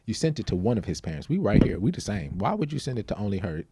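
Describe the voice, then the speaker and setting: A middle-aged man telling a story on a parenting podcast in an emphatic, animated casual way. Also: fairly low pitch, fast, vocal fry, heavy background noise.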